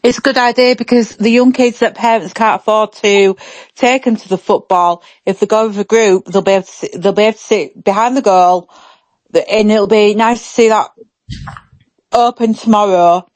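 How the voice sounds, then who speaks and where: A woman's voice: mid-range voice, fairly even intonation, moderate pace, darkish tone, no room sound, poor audio. A woman chatting on a fan podcast, often restarting and repeating her point. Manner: chatty, repeats herself mid-thought. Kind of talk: casual fan podcast chat.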